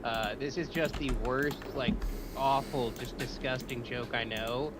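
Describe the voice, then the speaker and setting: An easygoing man tells a crude joke to a friend in a halting, casual way. His voice comes through a mic with clear background noise. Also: mid-range voice, fairly even intonation. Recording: noisy mic.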